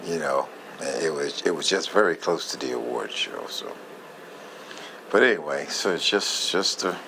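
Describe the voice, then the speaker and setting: A man casually reminiscing in a heartfelt, rambling way, often halting and losing his thread. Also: very deep voice, sing-song, vocal fry, noisy background. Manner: heartfelt, moved by the memory. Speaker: vlogger sharing memories.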